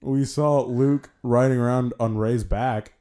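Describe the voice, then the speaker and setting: A man's voice: mid-range voice, fairly even intonation, a little slow, dark tone. A young man co-hosting a casual chat, goofy and agreeable, laughing often. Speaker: podcast co-host.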